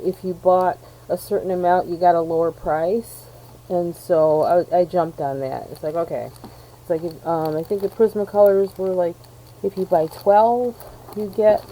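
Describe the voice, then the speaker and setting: A woman's voice: on the low side, mellow, slight background noise, rough recording. An American woman from New York State, chatting casually while unboxing art supplies, full of ums and self-deprecating asides. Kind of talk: rambling casual chat.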